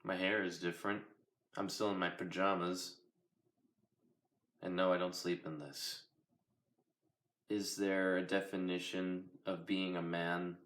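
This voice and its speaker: A young man with a very deep voice, speaking in a flat, near-monotone way that keeps stopping and restarting. He is recorded in an echoey room at home. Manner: quiet, flat, monotone delivery with halting pauses. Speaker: vlogger. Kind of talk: personal confessional vlog.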